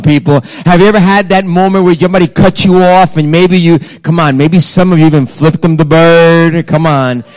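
A man with a notably high voice delivers a sermon as a pastor, speaking like he's chatting with the congregation. He fires off rhetorical questions, nudges people with "come on," and often stumbles and restarts mid-sentence. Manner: conversational, full of rhetorical questions and urging "come on"; restarts and stumbles over words. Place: church service with a congregation.

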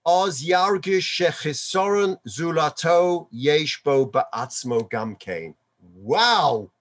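Male rabbi, Torah sermon, higher-pitched voice, unhurried delivery, chuckles while explaining. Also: fairly bright tone. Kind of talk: Torah sermon mixing Hebrew quotations.

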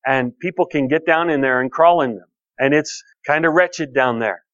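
A man's voice: a little high, normal speed, a bit bright, no echo, lo-fi sound. A pastor preaching a conversational sermon, repeating key phrases and telling personal stories to his congregation.

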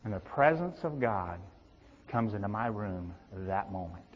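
A middle-aged male pastor preaching a sermon, swinging between loud emphatic peaks and hushed low tones. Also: animated, measured pace, slight background noise. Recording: dull reverberant hall sound.

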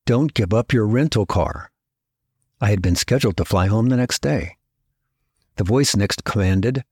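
A middle-aged man hosting a podcast, telling stories in a measured, reflective scripted narration that slows down to stress key words. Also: medium pitch, husky, no room sound, clean studio sound. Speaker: podcast host.

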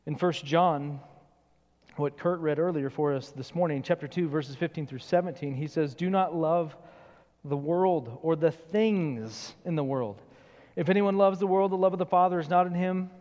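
A man preaches a sermon in a fairly high voice, earnest and searching as he puts question after question to the congregation. His words ring out with the long reverb of a church hall. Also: moderate pace, a little mellow, dull audio. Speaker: pastor.

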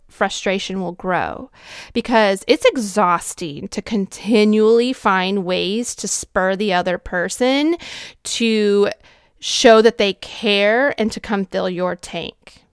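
A woman's voice: mid-range voice, clear, resonant tone, no echo, clean studio sound. A woman in her thirties hosting a faith-based relationship podcast, telling stories animatedly and acting out little scenes. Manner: animated storytelling, acting out scenes in quick asides. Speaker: podcast host.

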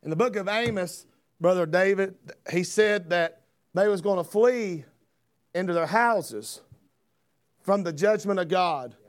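A man's voice: high-pitched, unhurried. A man preaching a sermon in a folksy, fervent manner. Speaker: pastor.

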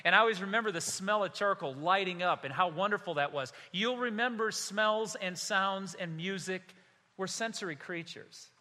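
Bright-voiced male preacher in a reverberant hall. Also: high-pitched, moderate pace. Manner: storytelling preacher, acts out dialogue with humor. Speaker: pastor. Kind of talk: sermon. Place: church sanctuary.

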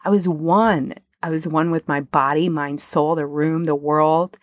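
A woman's voice: low-pitched, fairly even intonation, measured pace, no room sound. A woman hosting a podcast, talking earnestly and emotionally about a personal experience, at moments close to tears. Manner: soft, earnest and emotional, at times near tears. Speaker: podcast host. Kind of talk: personal reflective monologue.

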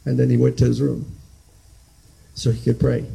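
Mellow-voiced man preaching a sermon. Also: mid-range voice, expressive, normal speed, vocal fry, long pauses, rough recording. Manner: earnest, conversational, frequent restarts and "right?" tags.

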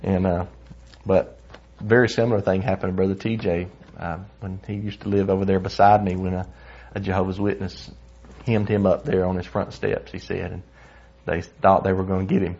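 A man's voice: low-pitched, little pitch movement, moderate pace, creaky, darkish tone, husky. A man teaching a Bible lesson in an earnest, conversational way, telling personal stories along the way. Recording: dull lo-fi recording.

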